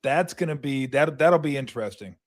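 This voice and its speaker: A man hosts a sports interview in a casual, easygoing way. His voice sits at an ordinary pitch, and he keeps his questions short to move the conversation along. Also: animated, fairly quick. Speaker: host.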